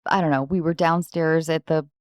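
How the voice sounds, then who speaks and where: A woman's voice: sits low, steady tone, normal speed, no echo. A woman hosting a podcast, chatting casually into a close microphone, playful and rambling, often laughing. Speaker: podcast host. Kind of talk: casual chat.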